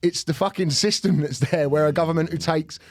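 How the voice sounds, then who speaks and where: A man co-hosting a podcast in casual discussion, rambling and swearing freely with animated asides. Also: a little high, fairly quick, no room sound, studio quality. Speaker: podcast co-host.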